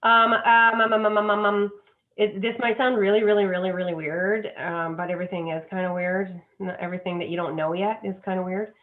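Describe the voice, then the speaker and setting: A woman's voice: medium pitch, steady tone, fairly quick. A woman, a dog psychic guest, talking earnestly and effusively with many restarts. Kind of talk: emotional interview talk. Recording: tinny phone line.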